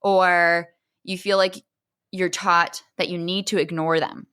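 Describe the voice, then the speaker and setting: A woman hosting a parenting podcast, explaining her point and acting out customer-service exchanges in animated quoted voices. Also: on the low side, slow pace, smooth. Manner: explanatory, acts out quoted dialogue in lively voices. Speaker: podcast host. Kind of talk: parenting advice monologue.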